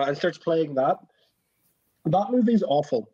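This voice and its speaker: A man's voice: on the high side, animated, normal speed, dark tone, no room sound. A young man co-hosting a casual podcast, rambling through stories with laughs and swearing. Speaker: podcast co-host. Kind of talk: casual group chat. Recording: dull lo-fi mic.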